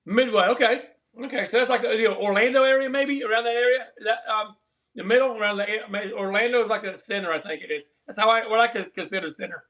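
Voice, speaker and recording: A man hosts a live stream in a high, bright voice. He rambles in an earnest, preachy way, chatting casually with his viewers. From southern Colorado. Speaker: livestream host. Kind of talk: casual livestream chat.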